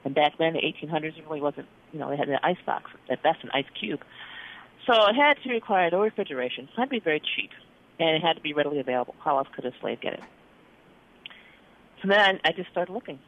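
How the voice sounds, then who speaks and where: A doctor telling a story in an interview, acting out the dialogue with lively expression. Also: mid-range voice, fast talker. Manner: animated, acts out dialogue in quotes. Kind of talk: storytelling in conversation. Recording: phone-like narrow band.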